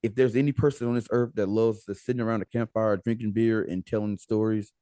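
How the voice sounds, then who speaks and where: An American man with a fairly low voice tells a story as a podcast guest. He talks casually and with energy, laughing and acting out what people said. The sound is dry and close. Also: quick pace, no room sound. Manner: animated, laughing, retells with quoted dialogue.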